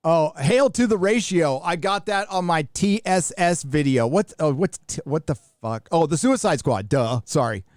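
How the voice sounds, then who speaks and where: A man's voice: on the high side, lively intonation, moderate pace, hardly any pauses, no echo, clean studio sound. A middle-aged man from the United States hosting a live stream, talking bluntly and profanely in rambling casual commentary with many restarts.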